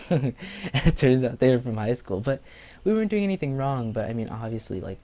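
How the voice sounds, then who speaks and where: A man's voice: mid-range voice, animated, fairly quick, dark tone. A young man telling a personal story in a casual vlog, rambling with lots of fillers and quoted dialogue. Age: young adult. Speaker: vlogger.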